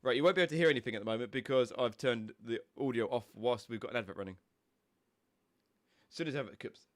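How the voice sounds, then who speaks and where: A man's voice: medium pitch, fast talker. A young man with a stuffy, snotty nose from a cold, chatting casually and rambling on a live stream, swearing now and then.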